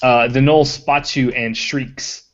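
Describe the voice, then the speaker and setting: A man's voice: mid-range voice, steady tone, slow. Casual male game master, lo-fi sound. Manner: casual, hesitant, many fillers. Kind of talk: narrating a tabletop game. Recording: muffled lo-fi recording.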